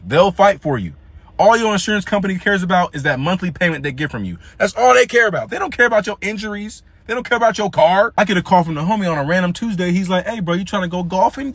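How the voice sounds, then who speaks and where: A young man tells a story in a casual, slangy way, acting out each line of dialogue. His voice sits high. It is recorded dry and close. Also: no room sound. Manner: slangy, animated retelling with quoted dialogue.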